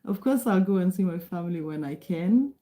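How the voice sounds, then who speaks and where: A woman's voice: fairly low pitch, animated, brisk, dark tone, low-quality recording. A middle-aged woman from Kenya chatting casually on a live stream, reading and answering viewer comments, laughing often and restarting sentences.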